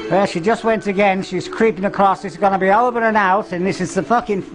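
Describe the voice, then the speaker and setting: A man's voice: sits high, fairly even intonation, a little fast, over music, poor audio. An older man giving a rambling, swear-filled walk-through of his half-stripped cottage loft, often losing his words. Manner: swears constantly, forgetful, gropes for words. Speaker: vlogger renovating his cottage. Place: inside a derelict cottage loft.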